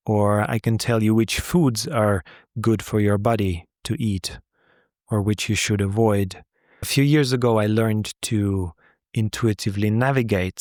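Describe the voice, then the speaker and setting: Slow, deep-voiced man talking thoughtfully. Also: a little mellow, no room sound, clean studio sound. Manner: slow, measured, thoughtful delivery with restarts. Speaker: host. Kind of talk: reflective talk to camera.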